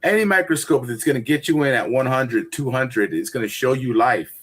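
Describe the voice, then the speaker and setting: A man's voice: mid-range voice, animated, fairly quick, a bit bright, husky. A man who teaches gardening, a guest on a casual livestream chat, rambling and enthusiastic with lots of restarts.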